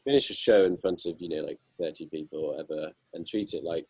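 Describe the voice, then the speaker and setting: Husky low-voiced young man. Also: fast, mellow, no echo, rough recording. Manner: self-deprecating, amused, rambling with many fillers. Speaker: guitarist guest. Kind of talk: casual interview storytelling.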